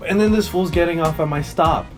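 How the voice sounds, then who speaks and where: A man's voice: fairly high pitch, brisk, music in the background. A young man co-hosting a podcast, telling stories in a loose, rambling way with swearing and self-corrections. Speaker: podcast co-host. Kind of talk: casual chat.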